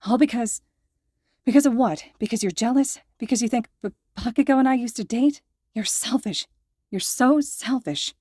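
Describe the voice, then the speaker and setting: A woman voicing an upset young man who pleads, then turns tearful and accusing, his voice rising high under stress. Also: lively intonation, fairly quick, dark tone, husky, no room sound, clean studio sound. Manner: voice rising high when distressed.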